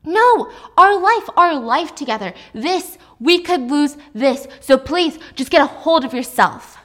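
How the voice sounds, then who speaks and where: A woman's voice: on the high side, measured pace. A woman voicing a dismissive young husband who brushes off his wife, placating and stern. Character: dismissive husband, engineer, tense and controlling.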